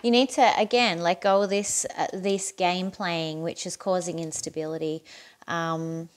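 A woman giving a casual, chatty tarot reading to camera, encouraging and quick to laugh at herself. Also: fairly low pitch, fairly even intonation, slight background noise. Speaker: tarot reader.

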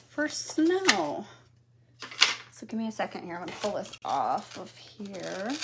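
A woman with a fairly high voice talks through a live paint-along from her home craft room. She chats easily and greets viewers by name as she works, clearing her throat every so often. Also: background noise. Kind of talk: live painting tutorial chat.

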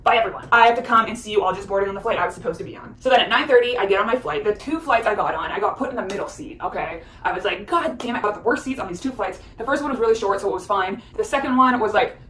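Young woman, casual storytime vlogger; quick, animated, rambling delivery, recorded in a roomy space off-mic. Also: mid-range voice, recorded from a distance. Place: at home unpacking, echoey room. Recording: roomy echo, voice a bit off-mic.

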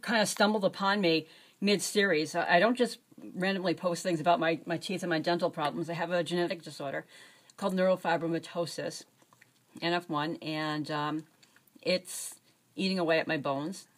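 A scared woman with a slight lisp and some slurring, talking in a halting personal video diary with restarts and pauses. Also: on the low side, steady tone. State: anxious and scared. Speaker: vlogger.

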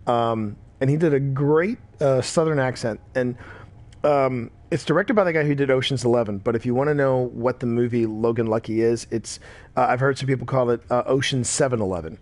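Fairly quick and a little mellow, this medium-pitched male voice belongs to a weary middle-aged gamer. He chats casually while streaming, looping back over the same points and reacting to the action as he goes.

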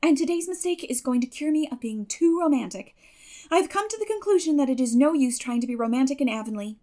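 A woman's voice: sits high, lively intonation, quick pace, warm tone, voice pushed up. A woman voicing a proud, spirited and talkative young girl, speaking in an earnest, declaiming way in an audiobook. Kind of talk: audiobook character voice.

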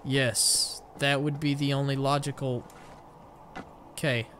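Game music plays under this young man's let's-play of a shooter, where he rambles casually, pokes fun at himself, and vents his frustration aloud. He talks slowly at medium pitch with little pitch movement and a fairly bright tone, against slight background noise.

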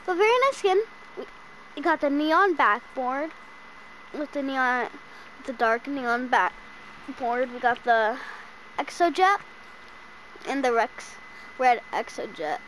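A woman hosting a casual game item shop rundown, hiccuping and listing items excitedly while stumbling over names. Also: high voice, slow pace, long pauses, slight background noise, low-quality recording. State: has the hiccups. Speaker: gaming channel host.

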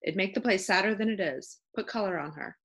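A woman's voice: mid-range voice, brisk, gravelly, fairly bright tone. A woman voicing a cheerful, plain-spoken young housemaid with a broad Yorkshire accent in an audiobook. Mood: matter-of-fact. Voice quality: homely dialect, stout and plain-spoken. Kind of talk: audiobook character voice.

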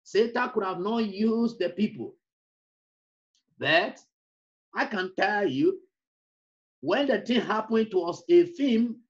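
A man's voice: sits high, expressive, takes it slowly, pauses often, highs cut off. A man preaching an emotional personal testimony, repeating phrases and breaking into song. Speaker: evangelist.

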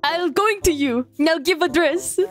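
Woman doing a pushy fan commenter, clipped broken phrasing, high voice. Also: a little slow, faint music behind.

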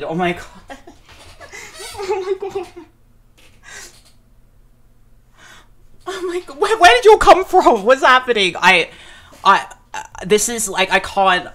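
A streamer reacting live, overwhelmed and close to tears, stammering and repeating words, swearing excitedly. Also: mid-range voice.

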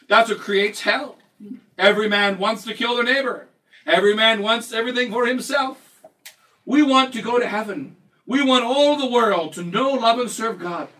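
A man's voice: sits high, normal speed, bright, forceful tone, far from the mic, poor audio. A man preaching a sermon as a bishop, emphatic and repetitive, quoting scripture along the way. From United States.

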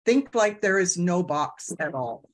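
A woman in her sixties from Canada, an elder giving gentle, reflective closing words with guided breathing over a video call. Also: lowish voice, animated, measured pace. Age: 60s.

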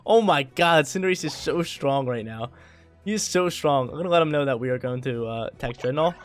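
Male gaming creator, mid pitch, quick trash-talk commentary. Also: soft background music. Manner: hyped, trash-talking, repeats phrases. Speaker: gameplay commentator. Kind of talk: live gameplay commentary.

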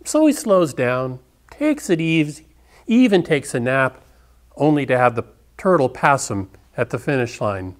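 A man giving a sermon as pastor, telling sports stories in a relaxed, conversational way. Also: medium pitch, measured pace. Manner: conversational storytelling preaching.

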